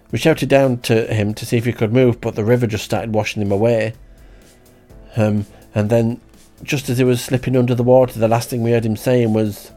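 A man telling a comic diary story in a deadpan, rambling way. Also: mid-range voice, moderate pace, faint music behind. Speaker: comic diarist.

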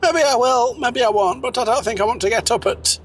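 A man voicing a high-pitched, fussy man who scolds and nags in a shrill voice. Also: fairly quick, a bit bright, slight background noise. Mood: teasing.

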